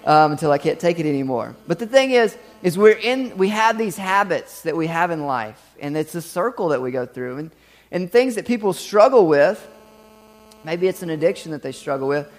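A pastor in his thirties preaches a sermon with a slightly high voice. He tells stories, acts out the quoted voices and turns to the congregation with lively asides. The sound rings with the long reverb of a hall. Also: normal speed.

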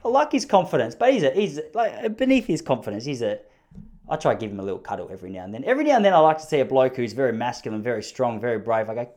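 A man's voice: medium pitch, sing-song, quick pace, darkish tone. An Australian man hosting a podcast, telling meandering, self-mocking jokes in casual comedic chat. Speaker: podcast host.

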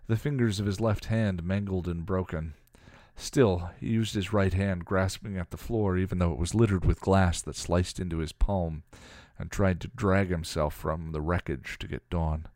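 A man co-hosting a podcast and reading fan fiction aloud with a dramatic, expressive delivery. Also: low voice, moderate pace, hardly any pauses, no room sound, studio quality. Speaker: podcast co-host.

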